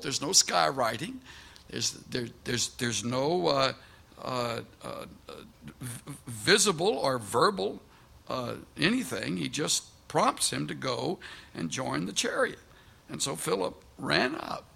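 A man preaching a sermon, telling stories in lively fashion and acting out the people he quotes. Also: high voice, gravelly. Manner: animated storytelling with quoted voices and restarts; preaches from a scripture passage. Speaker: pastor.

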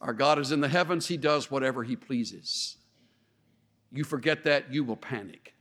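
A man preaching a sermon in an animated way, acting out the voices he quotes with sarcasm. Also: medium pitch, normal speed, in a large hall.

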